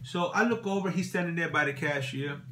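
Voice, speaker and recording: A man's voice: quick pace, a bit bright. A man vlogging about watches, telling a rambling, casual story with many repeats and asides. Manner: rambling, repeats phrases, says "boom" and "right?".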